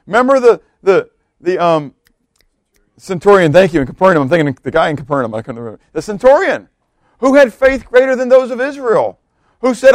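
Guy preaching a sermon, kinda high voice, gets loud then drops way quiet, dry close sound. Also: very animated, a little fast, no room sound. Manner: swings from loud emphatic bursts to hushed quiet lines.

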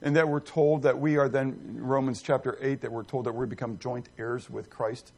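A middle-aged male pastor delivers a sermon in a mid-range, somewhat dark voice at normal speed and a steady tone. He reads scripture and puts emphatic questions to the congregation.

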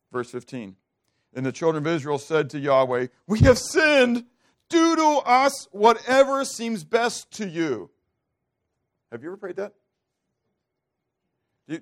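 A male pastor preaching a sermon, asking his listeners questions and acting out the prayers he quotes. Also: high voice. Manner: asks the congregation questions and acts out quoted prayers.

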